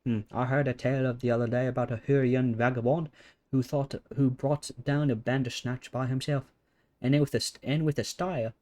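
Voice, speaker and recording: A man voicing a rough male villager with a put-on Cockney British accent, read in a hammy, amateur way. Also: medium pitch, steady tone, brisk, darkish tone, natural voice. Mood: gossipy. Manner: hammy, amateur character reading.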